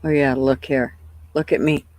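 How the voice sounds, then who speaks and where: A woman's voice: very deep voice, little pitch movement, moderate pace, darkish tone, dry recording. An older woman hosting a casual livestream, chatting loosely, swearing freely and greeting viewers by name at her computer. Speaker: livestream host.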